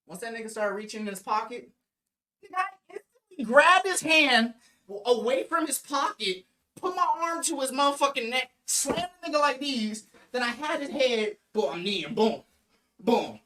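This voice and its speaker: Young man telling a slangy story, far from the mic. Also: high voice. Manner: animated slangy storytelling full of swearing. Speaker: vlogger. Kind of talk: casual storytime. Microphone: poorly placed mic. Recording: distant mic with faint background music.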